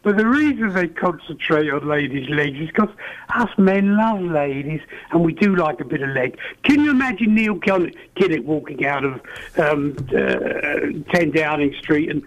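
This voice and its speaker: A man's voice: fairly high pitch, expressive, normal speed, muffled recording. Rambling older man, slightly slurred. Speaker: phone-in caller. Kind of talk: casual chat.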